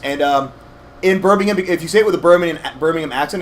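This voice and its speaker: A young man co-hosting a game playthrough, rambling through animated stories with lots of fillers. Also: fairly high pitch, fast, slight background noise. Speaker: let's play co-host. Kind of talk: casual gaming chat.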